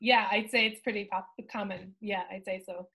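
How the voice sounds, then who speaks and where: An actress chatting playfully on a video call panel, giggling between remarks. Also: female voice, mid-range voice, steady tone, moderate pace, pushed and bright, low-quality recording. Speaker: lead actress. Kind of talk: casual panel chat.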